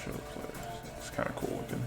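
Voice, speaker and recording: A man narrating as dungeon master of a tabletop game, unhurried and peppered with ums and uhs as he describes each scene. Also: over music.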